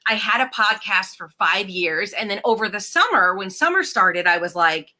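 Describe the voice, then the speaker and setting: A woman's voice: mid-range voice, expressive, moderate pace, hardly any pauses, pushed and bright. A woman, hosting a casual chat in a bubbly, chatty way full of "like". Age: 40s. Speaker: host.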